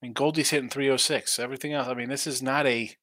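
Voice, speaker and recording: A man's voice: medium pitch, steady tone, rapid-fire, bright, forceful tone, no room sound, studio quality. A man hosting a live sports betting show, chatting casually through the day's games and reading viewer comments, thinking aloud and answering his own questions.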